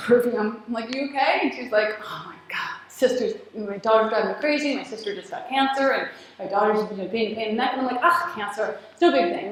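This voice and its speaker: A woman telling a personal story in a talk, acting out the dialogue and laughing often. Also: on the high side. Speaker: speaker at a spiritual community gathering. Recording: very echoey hall.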